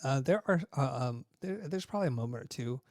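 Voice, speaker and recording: A man's voice: medium pitch, lively intonation, fast, darkish tone, dry recording, clean studio sound. A middle-aged man as an interview guest, telling reflective anecdotes and retelling dialogue in a conversational way. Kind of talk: interview storytelling.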